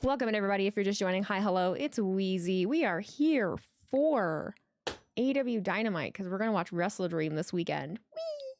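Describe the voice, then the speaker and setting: A woman's voice: mid-range voice, fast, few pauses, a little mellow. A woman hosting a casual livestream, chatty, profane and giggly, talking into a headset mic from a home streaming setup. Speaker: livestream host. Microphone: headset with mic monitoring.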